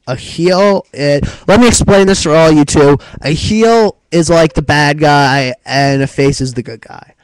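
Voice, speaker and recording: High-voiced man rambling casually. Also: a little slow, hardly any pauses, smooth, no echo, poor audio. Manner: rambling and loose, lots of "like" and "um", casual swearing. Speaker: co-host of a wrestling talk show. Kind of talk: casual chat recapping a wrestling broadcast.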